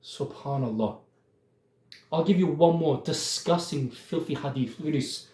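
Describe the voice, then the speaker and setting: A man's voice: on the high side, a little slow, a little mellow, roomy sound. A man giving impassioned religious commentary, emphatic and worked up, often turning to address his listeners directly.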